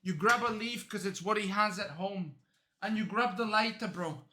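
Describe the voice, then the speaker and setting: A man streaming a reaction video, riffing in an excitable, rambling, goofy way. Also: high-pitched, moderate pace, a little hiss or hum.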